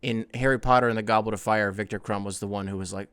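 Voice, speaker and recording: A man's voice: fairly low pitch, fast, clean tone, no room sound. A man hosting a casual podcast, reading listener emails aloud and joking around with frequent laughs. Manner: animated, joking, often laughing, swearing. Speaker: podcast host.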